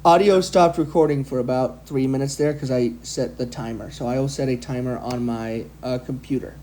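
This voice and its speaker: A man's voice: mid-range voice, fairly even intonation, normal speed, warm tone. A man co-hosting a podcast who reads a story aloud and jokes between lines. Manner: playful, laughs between lines. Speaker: podcast co-host. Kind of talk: reading stories aloud and chatting.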